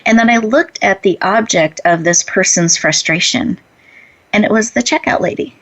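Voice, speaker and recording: A woman host telling a personal story in an earnest way and then guiding listeners through a slow breathing exercise. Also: medium pitch, fairly bright tone, rough recording. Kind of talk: inspirational talk and guided breathing.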